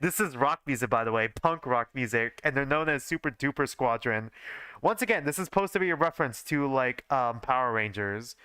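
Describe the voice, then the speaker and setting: A man's voice: mid-range voice, expressive, a little fast, pushed and bright, clean tone, no echo. A man in his early twenties streams a reading of his old fanfiction, rambling and self-mocking with lots of fillers. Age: early 20s. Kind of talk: casual live-stream commentary.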